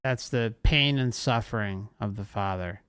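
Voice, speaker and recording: A man's voice: on the low side, a little slow, a bit bright, clean tone, no room sound, clean studio sound. A man hosting a channel, breaking into a played clip with emphatic comments. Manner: emphatic interjections.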